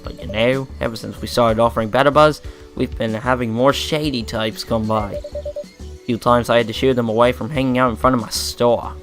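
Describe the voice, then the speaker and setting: A man's voice: medium pitch, fairly even intonation, fairly quick, fairly bright tone, faint music behind, natural voice. A man putting on a chatty Australian shopkeeper dad. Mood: folksy. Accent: put-on Australian. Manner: chatty, folksy and easygoing. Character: friendly middle-aged male shopkeeper and father.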